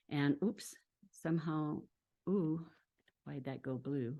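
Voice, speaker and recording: A woman teaching a meditation practice in a relaxed, chatty way, with fillers and light laughs, over a video call. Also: sits low, takes it slowly, pauses often. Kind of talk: casual instructional talk guiding a group practice.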